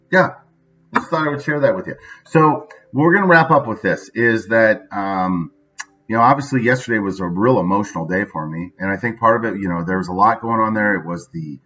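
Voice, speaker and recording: A man's voice: lowish voice, a bit bright, muffled recording. A man talking casually in a daily video monologue, chatty and often adding "right?" at the end of his sentences. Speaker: vlogger.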